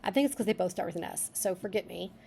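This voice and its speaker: A woman's voice: medium pitch, fast talker, creaky, dark tone, slight background noise. A woman reading a story draft aloud and stopping to suggest edits, thinking aloud as she goes. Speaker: writing critic reading a manuscript. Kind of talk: reading aloud with editing feedback.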